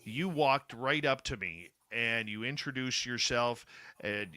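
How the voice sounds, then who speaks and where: A male radio host with a bright, forceful voice, recorded dry and close. He speaks in an effusive, emphatic way, leaning hard on key words. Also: mid-range voice, unhurried, no echo. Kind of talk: casual interview talk.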